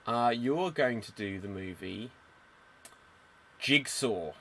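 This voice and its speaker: A man hosting a live improv comedy stream on a video call, briskly giving out games and laughing along. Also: medium pitch, lively intonation, pushed and bright, slight background noise. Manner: brisk, chuckling, jokey hosting. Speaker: improv show host.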